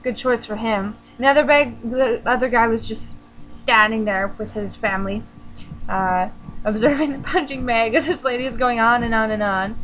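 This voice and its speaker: Teen girl vlogger, chatty and self-deprecating, bright youthful pitch. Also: normal speed, low-quality recording. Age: teens. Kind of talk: casual storytelling vlog.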